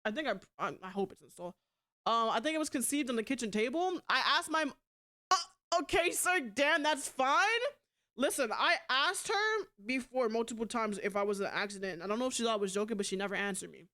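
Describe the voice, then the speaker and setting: A woman's voice: a little high, animated, quick pace, bright, forceful tone. A young adult woman streamer in casual chat, blunt and rambling, cussing freely. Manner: blunt and heavy on profanity; rambling with frequent restarts.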